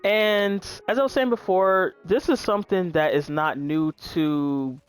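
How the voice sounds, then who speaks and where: Woman streamer, laid-back talker who speaks straight to her viewers, soft music bed underneath. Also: on the low side, a little slow, clean tone. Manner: chatty, relaxed, says "y'all" and "um" a lot. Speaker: gaming YouTuber. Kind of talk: casual gameplay commentary.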